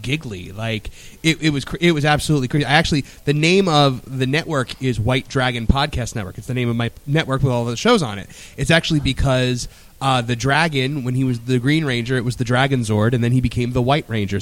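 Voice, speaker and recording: A man's voice: mid-range voice, no echo. A man, talking eagerly as a fan on a casual podcast. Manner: eager, fannish, lots of fillers. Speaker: podcast co-host.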